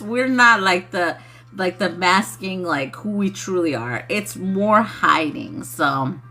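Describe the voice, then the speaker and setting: A woman's voice: medium pitch, pushed and bright. A woman giving a casual spiritual livestream message, chatty and loose, laughing often.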